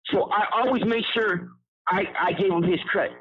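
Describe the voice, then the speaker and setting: A man's voice: sits high, moderate pace, husky. A man telling a story casually over a phone call, using street slang and rambling with restarts. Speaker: incarcerated storyteller. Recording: tinny prison phone line.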